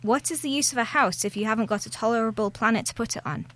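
A woman's voice: fairly high pitch, quick pace, a bit bright, a little hiss or hum. A woman hosting a radio show in casual chat, running through birthdays. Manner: chatty, reads out birthdays.

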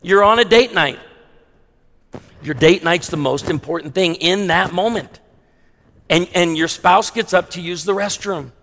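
High-voiced pastor preaching in a hall. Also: male voice, a little slow, pauses often, a bit bright, slight background noise. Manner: conversational preaching with humorous asides. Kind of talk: sermon. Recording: long hall reverb.

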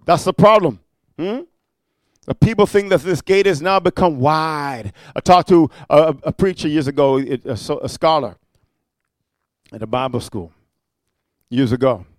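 A preacher giving a fiery sermon, firing off rebukes and rhetorical questions with repeated "amen" and "huh", moving between quiet storytelling and loud warnings. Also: male voice, fairly high pitch, expressive, normal speed, pauses often, no room sound.

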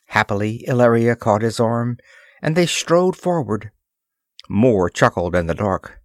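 A man narrating a pulp science fiction story in a measured, expressive way. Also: mid-range voice, dry recording, studio quality. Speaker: audiobook narrator.

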